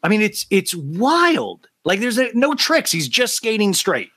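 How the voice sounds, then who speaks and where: A man guesting on a comedy podcast, riffing quickly with lots of laughter and quick impressions. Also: high voice, wildly swooping pitch, a bit bright, breathy edge. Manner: fast, laughing, rambling riffs with quick impressions. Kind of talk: casual comedic recap chat.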